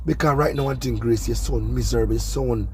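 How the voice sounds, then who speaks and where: A man's voice: medium pitch, a little fast, warm tone, a little hiss or hum. A Jamaican man hosting a gossip channel, talking casually and scolding, often asking "you see me". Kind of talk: casual commentary monologue.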